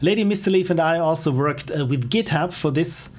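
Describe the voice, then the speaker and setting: A man's voice: a little high, a little fast, a little mellow. A man casually commenting while playing indie games on a stream, enthusiastic and self-deprecating. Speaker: game streamer.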